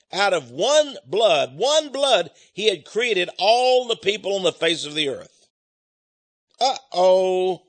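A Texan man with a fairly high, somewhat bright voice promotes his book in a preachy monologue. He chuckles often and repeats words as he goes along.

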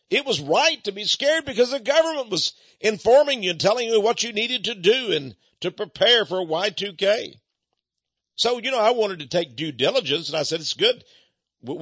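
A man's voice: high voice, fairly bright tone, husky, dry recording, dull audio. An older American man giving a folksy, indignant monologue, like a radio host selling goods and ranting about money. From United States.

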